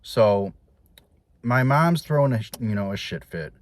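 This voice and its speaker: A man's voice: on the low side, animated, a little slow. A young man telling personal stories to his viewers in a casual, rambling way, with many restarts and fillers. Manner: quotes others in raised voices. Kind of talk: casual storytelling to camera.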